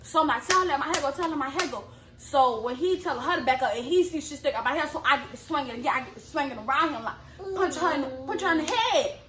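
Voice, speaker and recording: A young woman telling a story in casual chat, animated, acting out quotes in a high yelling voice. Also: fast, crowd noise. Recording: echoey room with clear background noise.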